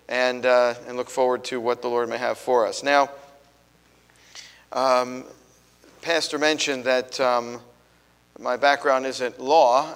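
New york guy preaching, mid pitch, chatty with lots of ums, church echo. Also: a bit bright. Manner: conversational, with frequent fillers and self-corrections. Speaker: guest preacher. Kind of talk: sermon. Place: church sanctuary.

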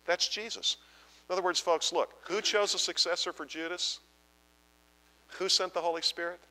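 A man preaches a Bible-teaching sermon with a bright, forceful edge to his voice. He pushes each point hard and keeps asking the congregation to answer him. His voice rings through a large hall with a long tail of reverb. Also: sits high, steady tone, normal speed. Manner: emphatic, asks the audience repeated questions.

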